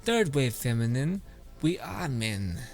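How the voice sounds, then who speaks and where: A man's voice: medium pitch, sing-song, slow pace, a little mellow, soft background music. A man streaming his reactions to memes in a casual, blunt, swear-filled way, laughing often. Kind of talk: casual commentary.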